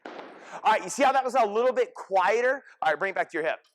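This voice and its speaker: A man coaching a fitness class, giving short energetic commands and cues to a group in a gym. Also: sits high, quick pace.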